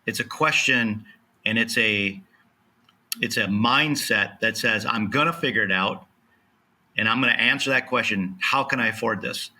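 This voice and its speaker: A man with a very bright, forward tone speaks as a podcast guest. He talks emphatically and motivationally, acting out snatches of dialogue to make his points. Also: fairly low pitch, normal speed. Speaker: land specialist guest. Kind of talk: podcast interview.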